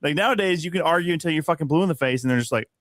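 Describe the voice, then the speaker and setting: A man's voice: fairly high pitch, very fast, no room sound. Man, podcast co-host, rants and swears freely, laughs a lot, dry mic. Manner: profane, ranting, laughs often. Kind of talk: casual sports chat.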